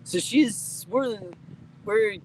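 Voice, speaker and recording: A man's voice: high-pitched, very slow, darkish tone, slight background noise, rough recording. A young adult man telling family stories as an interview guest, chatty and laughing often, with casual swearing.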